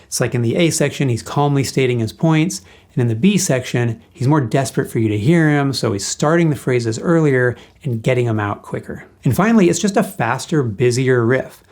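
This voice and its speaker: A man's voice: medium pitch, lively intonation, brisk, darkish tone. A man teaching a guitar lesson, explaining music theory patiently and singing rhythms as syllables.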